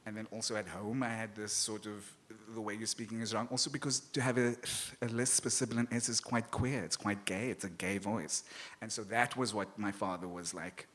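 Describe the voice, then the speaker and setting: A man with a Cape Flats South African accent and a slight sibilant lisp, telling animated stories as an author guest on a live festival panel. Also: lowish voice, brisk. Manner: animated, laughs often, acts out voices. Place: live event stage.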